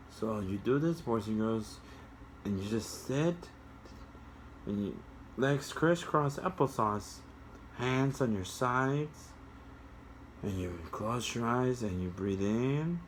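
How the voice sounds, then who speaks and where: A young man reading a picture book aloud to children, breaking off to talk to them directly in a sing-song, animated way. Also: lowish voice, a little hiss or hum. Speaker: children's story reader.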